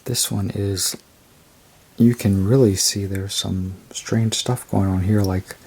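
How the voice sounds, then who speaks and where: A man with a low, gravelly voice shows off a tarot deck card by card. His delivery is rambling and unhurried, with a husky, slightly rough edge. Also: steady tone, darkish tone. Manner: rambling and unhurried, describing cards as he goes. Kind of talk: casual show-and-tell review.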